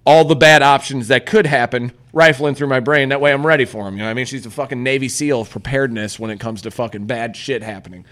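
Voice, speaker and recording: A podcast host with a mid-range male voice talks fast with few pauses, telling a story on a casual podcast. He swears a lot and animatedly acts out the quotes.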